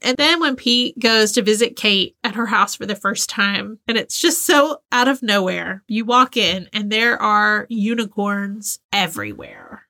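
A woman co-hosting a casual movie podcast, chatty and quick to laugh as she recounts scenes. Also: mid-range voice, lively intonation, bright, forceful tone. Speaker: podcast co-host.

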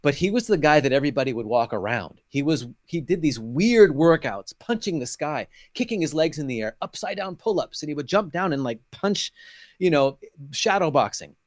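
A man's voice: fairly high pitch, big pitch swings, moderate pace, no room sound, clean studio sound. A middle-aged man, a guest in an interview, earnestly telling his personal faith testimony with emotion and acting out his past conversations.

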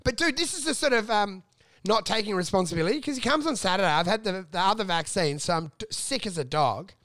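High-voiced comedian, swearing. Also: male voice, fast, no room sound, clean studio sound. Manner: animated, swearing, mimics people with loud high voices. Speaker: comedian and podcast co-host. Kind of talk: casual storytelling chat.

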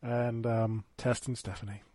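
A man's voice: mid-range voice, little pitch movement, a little slow, crowd noise. A man on a podcast as a guest, chatting in a laid-back, crude way with sighs and laughs. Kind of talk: casual chat.

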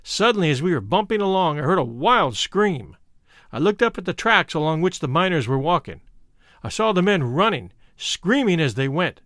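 A man with a high voice reads a first-person memoir with lively, expressive storytelling. His pitch moves a lot as he tells the story. The recording is close and dry, with no room sound. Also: normal speed, no echo. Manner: expressive storytelling reading, voicing quoted speakers. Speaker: audiobook reader. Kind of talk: scripted memoir narration.

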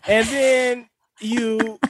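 A man in casual chat, excitable, stumbling over repeated words and joking in big exaggerations. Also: very high voice, very slow, dry recording, clean studio sound. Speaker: guest commentator.

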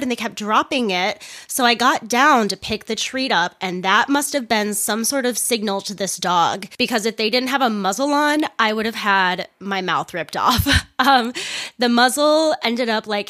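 A woman's voice: a little high, a bit bright, dry recording. A young woman hosts her podcast in a loose, chatty monologue, laughing easily and swearing without thinking twice. Her upper lip is sore, so she talks a little stiffly around it. The sound is dry and close, with no room in it. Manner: chatty, candid, laughs often, swears casually. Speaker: podcast host. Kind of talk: casual storytelling monologue.

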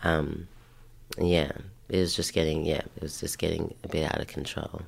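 A woman chatting as an interview guest, telling stories with lively acted-out voices. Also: extremely low pitch, moderate pace, vocal fry, breathy edge. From Australia, of Haitian parents. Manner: lively storyteller who acts out voices. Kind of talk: casual interview chat.

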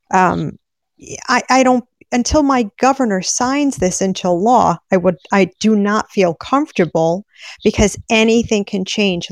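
A woman patient advocate from Rhode Island, speaking with urgency in a live-stream discussion and breaking into quick, animated bursts. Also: medium pitch, no room sound.

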